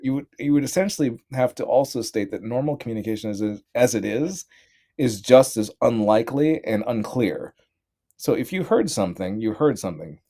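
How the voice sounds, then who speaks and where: A man in casual chat, laying out a measured, reasoned argument. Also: mid-range voice, expressive, warm tone. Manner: measured, reasoned, argues a point. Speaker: podcast co-host.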